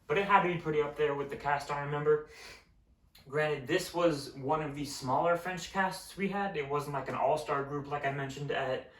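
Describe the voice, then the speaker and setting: A young man vlogs casually about something that happened at school, sounding exasperated and cursing freely. His voice is fairly high-pitched. He sits back from a distant mic, so the sound has a roomy echo.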